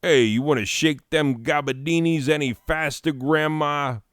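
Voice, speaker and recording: Brash New York working man in a put-on accent, played by a man, pitched up high and barking. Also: unhurried, no room sound, studio quality, lightly acted. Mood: blustering.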